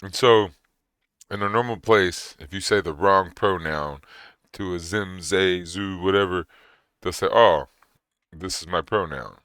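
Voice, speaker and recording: A man with a very deep voice whose words mush together, rambling through casual reaction commentary and acting out little exchanges. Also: unhurried, fairly bright tone, clear, resonant tone, no echo, studio quality. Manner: rambling, conversational, acts out quoted exchanges.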